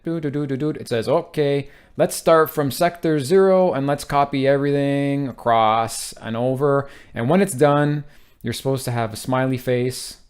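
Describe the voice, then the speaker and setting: A man explains a technical topic in a relaxed, off-the-cuff way. He rambles, cracks jokes and adds little sound effects as he sketches his points. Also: mid-range voice, clean tone. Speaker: IT tech explainer. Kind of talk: casual whiteboard tutorial.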